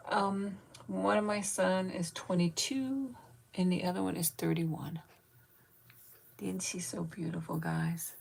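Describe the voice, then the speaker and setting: Channel host, woman in her 50s, low gravelly voice, casual chat and baby talk. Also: steady tone, slow. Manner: coos baby talk at her pet, thanks viewers by name.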